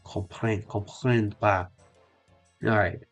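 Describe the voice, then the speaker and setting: A man's voice: fairly low pitch, fairly even intonation, faint music behind. A man chatting casually while streaming a game, trying out phrases and often stopping to repeat himself. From United States. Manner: halting, repeats and tries out phrases. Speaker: streamer learning French. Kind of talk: casual gameplay chat.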